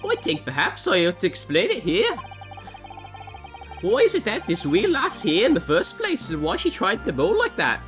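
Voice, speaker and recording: A woman's voice: mid-range voice, huge pitch swings, normal speed, soft background music. A woman doing a chatty old Irish gent. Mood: folksy. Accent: put-on exaggerated Irish. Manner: folksy brogue, theatrical reading. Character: jovial older Irish male passenger witness. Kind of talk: game dialogue read aloud.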